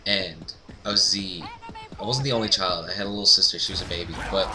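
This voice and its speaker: A man telling a funny childhood story over game commentary, animated and laughing, climbing to excited yelps. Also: deep voice, quick pace, music in the background, poor audio. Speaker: gaming commentator. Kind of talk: casual storytelling over gameplay.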